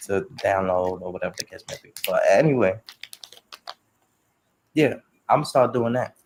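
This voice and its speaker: A young man hosting a casual livestream, talking straight to his chat in animated, slangy bursts. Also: fairly low pitch, slight background noise, poor audio. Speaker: livestream host.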